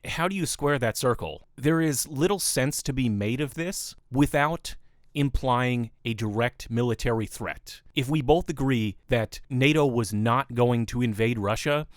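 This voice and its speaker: A man talks alone on his podcast, picking apart an argument with blunt sarcasm and reading passages aloud. His voice sits at an ordinary middle pitch. The sound is dry and close, with no room echo. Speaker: podcast host. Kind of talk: solo commentary podcast.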